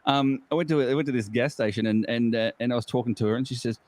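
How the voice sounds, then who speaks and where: A man's voice: mid-range voice, fast talker, a little mellow, no echo. Chatty Australian man, dry close sound. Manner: rambling, jokey, laughs often. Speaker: guest geocacher. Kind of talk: casual online group chat.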